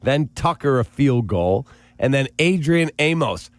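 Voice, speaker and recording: A man's voice: mid-range voice, lively intonation, a little slow, no room sound. A man co-hosting a sports radio show, rattling off game stats and scores in casual banter.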